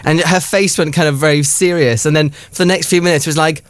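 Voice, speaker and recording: A Welsh man on a radio show rattles through an excited story at speed. His voice sits a little high for a man. The studio sound is close and dry. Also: quick pace, no echo. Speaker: radio show team member. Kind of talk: casual radio banter.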